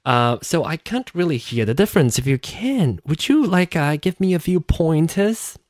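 A tired man hosts a casual solo podcast close to a desk microphone, rambling and chatty, poking fun at himself and swearing offhandedly. His voice is fairly high with lively intonation at a normal speed, and the recording is dry.

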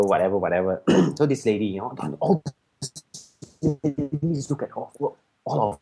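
A man, telling a story in casual chat, animated and laughing, often clearing his throat. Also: mid-range voice. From Malaysia.

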